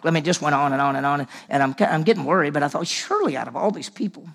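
A preacher originally from Mississippi tells a personal story as part of a sermon, acting out the dialogue for an audience in a large room. His slightly high, somewhat bright voice is animated and has vocal fry, and he speaks quickly with few pauses.

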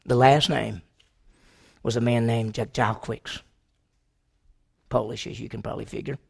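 A man preaching a sermon to a congregation, telling a story dramatically, moving from loud questions to hushed, slow passages. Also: medium pitch, fairly even intonation. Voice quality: gravelly.

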